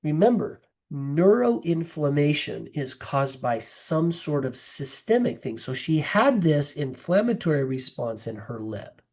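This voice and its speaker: A man's voice: fairly high pitch, big pitch swings, measured pace, hardly any pauses, a little mellow. A man, a nurse practitioner, giving a presented health lecture and explaining things step by step through patient stories.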